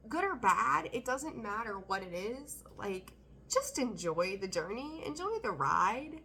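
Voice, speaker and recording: Blunt, animated woman reading tarot. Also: medium pitch, moderate pace, a little hiss or hum. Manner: blunt, swearing, laughs often, animated. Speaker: tarot reader.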